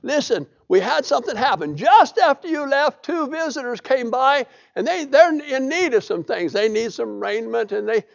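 A scheming male servant whines his story high and fast, as a preacher acts him out. His gravelly voice stumbles over excuses while he pleads. The recording is dull and lo-fi. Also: expressive, exaggerated voice. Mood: wheedling.

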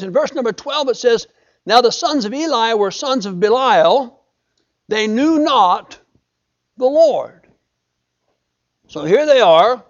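A man's voice: high voice, lo-fi sound. An older man preaching a sermon, building emphasis with repeated phrases. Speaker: pastor.

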